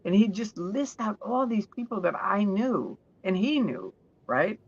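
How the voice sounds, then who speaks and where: A woman guest telling stories in an interview, chatty and warm, often restarting her sentences. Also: medium pitch, sing-song, measured pace, lo-fi sound.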